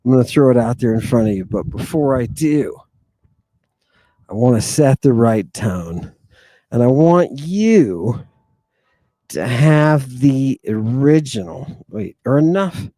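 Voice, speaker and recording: A man hosts a livestream, chatting straight to his viewers with a theatrical flair and saying many lines twice. His voice is dark and mellow, and it sounds close and dry, with almost no room around it. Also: medium pitch, expressive, takes it slowly, dry recording. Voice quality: repetitive, theatrical, addresses congregation. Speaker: livestream host. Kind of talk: casual livestream talk to viewers. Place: outdoors in the wind.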